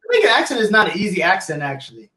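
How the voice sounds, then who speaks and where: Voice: medium pitch, very animated, very fast, roomy sound, a crowd in the background. A podcast host in a casual interview who keeps prompting the guest with questions and asks for demonstrations.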